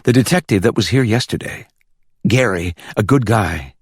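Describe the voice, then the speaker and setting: A man's voice: lowish voice, lively intonation, moderate pace, vocal fry, breathy edge, no room sound, studio quality, pitched above the performer's own voice, exaggerated voice. A man voicing a tough woman officer who presses a suspect with coaxing questions, in a storybook reading. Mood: pressing. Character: probing, streetwise woman officer.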